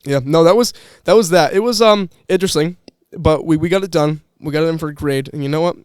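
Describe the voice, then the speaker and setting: A man's voice: fairly high pitch, fast talker, smooth, no room sound, studio quality. A young man chatting casually on a podcast, telling rambling stories with restarts and laughs. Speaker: podcast guest, former employee. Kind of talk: casual chat.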